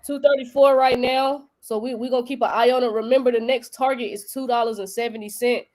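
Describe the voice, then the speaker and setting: Young female host with a North Carolina accent, chatty and teasing, higher-pitched. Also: fairly quick. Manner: animated, joking, slangy. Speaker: crypto show host. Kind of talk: casual live-stream chat.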